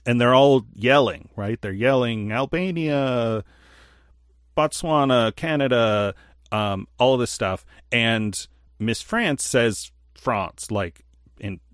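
A man co-hosting a casual podcast, telling stories in a rambling, animated way with lots of fillers. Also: medium pitch, slow pace, no room sound, clean studio sound. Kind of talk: casual chat.

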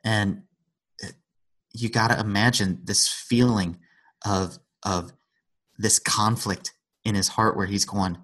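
A man's voice: fairly low pitch, fairly even intonation, takes it slowly, long pauses, a bit bright. A man in an earnest conversational Bible discussion, retelling scripture stories and acting out the quotes.

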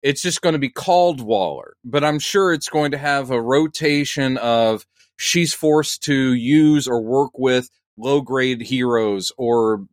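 A man co-hosting a podcast, chatting casually and musing out loud with quick asides. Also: mid-range voice, no echo, studio quality. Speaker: podcast co-host.

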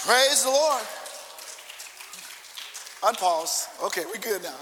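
High-voiced man preaching in echoing hall. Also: big pitch swings, drawn-out words, long pauses, bright, forceful tone. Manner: fervent, emphatic preaching with repeated declarations. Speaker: pastor. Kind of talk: sermon with congregational prayer. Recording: long echo of a large church hall.

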